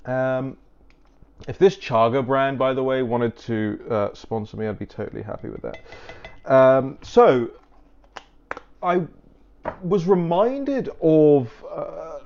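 A man's voice: medium pitch, darkish tone, dull audio. A British man telling a rambling political anecdote in a casual monologue, with wry asides. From Britain. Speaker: political commentator.

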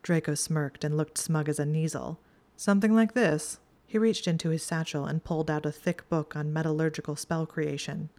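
A woman with a low voice narrates a story in an even, steady way. She reads it aloud like an audiobook. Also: brisk, hardly any pauses. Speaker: reader. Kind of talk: fan fiction audiobook narration.

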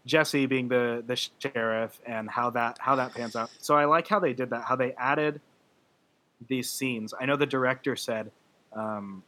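A man's voice: medium pitch, a little slow, bright, forceful tone. Emotional man rambling in casual chat. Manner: emotional, rambling, many fillers and restarts; gushing about a film, laughing through his words.

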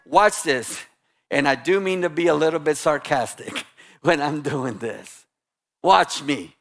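A man with a high voice preaching a lively sermon. He is animated and a bit sarcastic, and he acts out what people say as he makes his points. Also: unhurried, gravelly. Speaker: guest pastor.

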